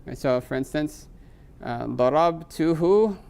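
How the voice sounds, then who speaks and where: A male teacher lecturing a class on grammar, quizzing the students often and slowing down to spell out foreign terms. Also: a little high, lively intonation, gravelly, darkish tone, clean tone. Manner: quizzes students with frequent rhetorical "right?"; slows to spell out Arabic terms.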